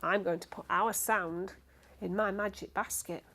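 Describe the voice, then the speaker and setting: A woman's voice: mid-range voice, fairly even intonation, unhurried, pushed and bright, a little hiss or hum, voice pushed down. A woman voicing a caring young mother in a story told to children, with an exaggerated storybook voice. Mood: reassuring.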